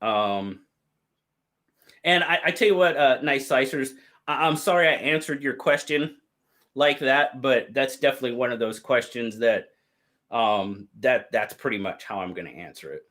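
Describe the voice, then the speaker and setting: A man hosting a livestream, telling stories in a casual, drawn-out way and reading out chat. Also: mid-range voice, fairly bright tone. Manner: drawn-out, easygoing storytelling with quoted voices. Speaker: livestream host. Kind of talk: casual storytelling to live chat.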